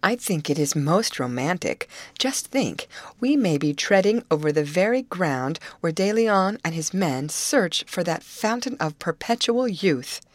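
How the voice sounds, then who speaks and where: An eager, romantic teenage girl gushes about adventure, voiced by a woman narrator. Her pitch lifts and dances widely, recorded dry and close. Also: lively intonation, measured pace, no room sound. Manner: eager, enthusiastic. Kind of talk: audiobook character reading.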